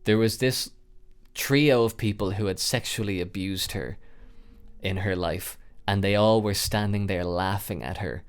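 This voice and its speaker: A young man in his twenties hosting a podcast, telling a wild personal story casually, rambling with lots of fillers and swearing, getting loud and animated at the tense parts. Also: on the low side, measured pace, clear, resonant tone. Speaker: podcast host.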